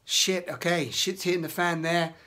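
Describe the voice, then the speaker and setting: A man speaks his mind in a confessional vlog. He rambles and swears freely, and now and then he erupts into loud, angry bursts. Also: a little high, flat delivery, moderate pace. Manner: rambling, emotional, swears often, shouts in bursts. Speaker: vlogger. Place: outdoors in nature.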